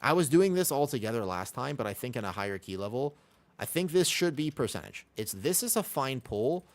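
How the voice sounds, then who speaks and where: An American man from Los Angeles, chatting casually on a live game stream, reading out and answering viewer questions. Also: mid-range voice. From Los Angeles, USA.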